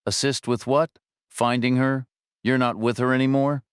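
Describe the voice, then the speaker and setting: A man doing a brisk, direct woman agent. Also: mid-range voice, fairly even intonation, clean tone, no echo, studio quality, pitched above the performer's own voice, natural voice. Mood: brisk, probing. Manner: direct, clipped questions.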